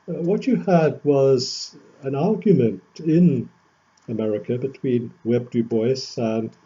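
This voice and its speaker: A man gives an academic lecture in a very dark, mellow voice with a husky edge. He speaks in a measured, thoughtful way and lifts certain phrases for emphasis. The recording sounds dull and lo-fi. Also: mid-range voice.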